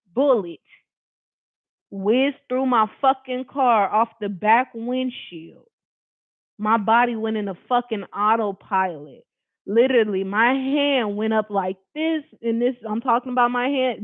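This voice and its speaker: A person from Long Beach, California telling a personal story to camera in an animated, emphatic, slangy and profane way, talking straight to viewers. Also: medium pitch, measured pace, no room sound. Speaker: storyteller recounting a personal experience. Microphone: camera facing the speaker. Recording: dry, tinny phone-like sound.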